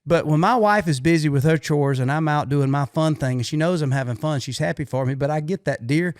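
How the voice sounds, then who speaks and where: A man's voice: on the high side, brisk, a little mellow, dry recording, studio quality. A man from the southern United States hosting a podcast, chatting in an easygoing, agreeable way and telling stories. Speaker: podcast host. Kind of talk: casual chat.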